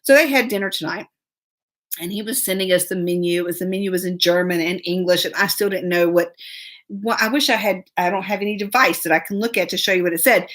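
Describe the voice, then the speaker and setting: A woman's voice: lowish voice, fast, fairly bright tone. A woman hosting a live show, telling a long story in a chatty, laughing way and greeting commenters as she goes. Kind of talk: casual storytelling live stream.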